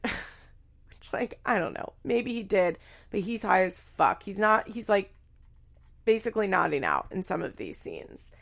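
Gravelly-voiced woman giving blunt casual commentary. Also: mid-range voice, very animated, normal speed. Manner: blunt, swears freely, acts out quoted lines. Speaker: podcast host recapping a reality show.

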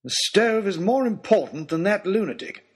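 A man's voice: fairly high pitch, unhurried, fairly bright tone. A man voicing an irritable, haughty older lord who snaps his words. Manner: snappish, haughty.

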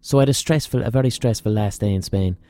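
An Irish man telling a profane, ranting comic story on his podcast, with animated asides. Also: fairly low pitch, fast, dry recording. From Ireland. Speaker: comedian and podcast host.

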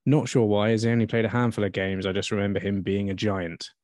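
A man's voice: lowish voice, flat delivery, fast, darkish tone. A man co-hosting a casual football chat, making dry quips and reading out listener questions. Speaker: podcast co-host.

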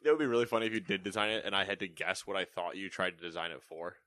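A man's voice: low-pitched, rapid-fire, bright, forceful tone, no room sound. A man co-hosting a casual gaming news podcast, joking and laughing often as he reads stories. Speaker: co-host reading gaming news.

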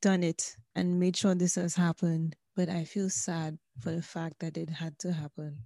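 A woman's voice: lowish voice, flat delivery, normal speed, mellow, no echo. Reflective woman, dry close sound. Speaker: podcast guest. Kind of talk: casual podcast chat.

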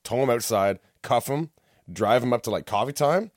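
A man's voice: medium pitch, animated, normal speed, no echo, clean studio sound. A man in casual chat, telling a rambling, profane story and acting out what people said. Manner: rambling, profane, acts out quotes.

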